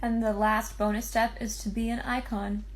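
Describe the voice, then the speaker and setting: A woman's voice: on the high side, flat delivery, moderate pace. A young woman giving an upbeat, step-by-step vocal tutorial, plainly explaining how to imitate singers. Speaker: singer and impressionist teaching vocal impressions.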